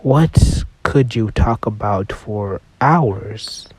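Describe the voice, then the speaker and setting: Drawing out his words, a podcast host with a lowish, slightly mellow and slightly rough voice chats loosely through a cold that leaves him hoarse. He's alone on his self-help show, swearing freely and sometimes whispering. The recording is rough, with no echo.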